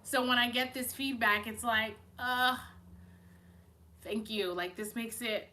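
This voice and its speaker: A young woman chats through a live tarot reading in a bright, somewhat high voice. She talks to viewers by name, gets emotional and laughs easily. The delivery is loose and conversational. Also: normal speed, a little hiss or hum. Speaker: tarot reader on a live stream. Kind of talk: casual live-stream chat and tarot reading.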